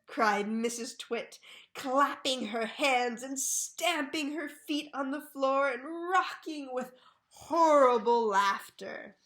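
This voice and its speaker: A woman reading a children's book aloud for learners, carefully and clearly. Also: a little high, slow, a bit bright.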